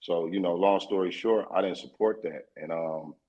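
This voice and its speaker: As a podcast guest, a man with a deep, husky, slightly raspy voice tells his side of a story at normal speed. He speaks loosely and profanely, circling back with lots of fillers, and the recording sounds dull and lo-fi.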